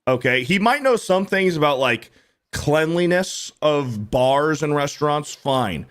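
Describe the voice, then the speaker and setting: A man with a slightly higher voice hosting a casual podcast. He rants hard and swears freely. He jumps into mocking impressions, pitching his voice up. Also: a little slow. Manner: animated ranting, swears a lot, mimics people in a higher voice. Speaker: podcast host.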